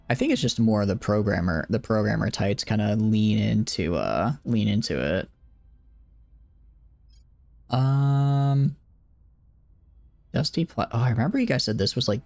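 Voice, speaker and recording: A young man with a low, gravelly voice talks through his game late at night on a live stream, plainly tired. His delivery rambles and jokes at his own expense, and his pitch swings around a lot. The sound is dry and close, with faint game music underneath. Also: animated, unhurried, long pauses, a little mellow, no room sound. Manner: rambling, joking, self-deprecating. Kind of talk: casual live-stream commentary.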